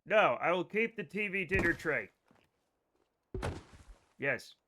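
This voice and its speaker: Game streamer, young man, bright high voice, bantering with chat, keyboard clicks behind. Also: slow pace, a little hiss or hum. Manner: excitable, bantering with chat, sudden outbursts. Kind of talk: casual live gameplay commentary.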